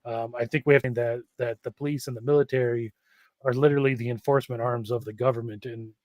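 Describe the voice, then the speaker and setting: A man speaks as a remote guest on a video call to a talk show, in slow, measured, hesitant phrases. His voice sits at a middle pitch, and the sound is dry and close. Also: fairly even intonation, a little mellow, no echo.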